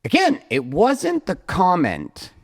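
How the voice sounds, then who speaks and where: A man's voice: high voice, wildly swooping pitch, slow pace, no echo, clean studio sound. A man in his forties co-hosting a podcast, blunt and profane, joking about a fight with his wife. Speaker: podcast co-host. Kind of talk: candid couple's chat.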